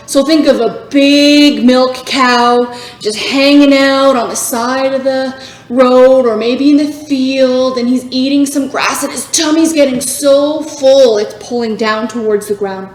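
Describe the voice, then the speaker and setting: High-voiced woman coaching kids through yoga, really echoey room, upbeat and encouraging. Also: measured pace. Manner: upbeat, encouraging, makes animal sounds. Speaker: youth yoga instructor. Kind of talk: guided kids' yoga class.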